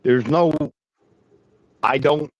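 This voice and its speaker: A man telling a crude story in casual chat, with deadpan jokes and a lot of swearing. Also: on the high side, very slow, no echo. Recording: dry dull lo-fi audio.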